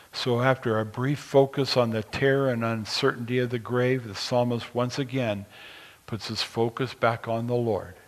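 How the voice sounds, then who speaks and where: A man preaches a sermon at a middle pitch. He reads scripture loudly and with force, then drops to quiet, pastoral asides. His voice rings with the long reverb of a hall. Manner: swings between loud emphatic scripture reading and quiet pastoral asides.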